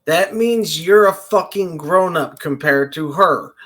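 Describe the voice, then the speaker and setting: A man's voice: a little high, slow, fairly bright tone. A man streaming a reaction, ranting angrily with constant swearing in a loose, rambling way. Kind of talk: profane reaction rant.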